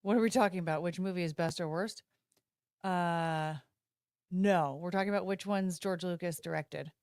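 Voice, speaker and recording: A woman's voice: lowish voice, moderate pace, a little mellow, no room sound, studio quality. A woman hosting a casual livestream, rambling and interrupting herself as she talks to viewers through her phone. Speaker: livestream host.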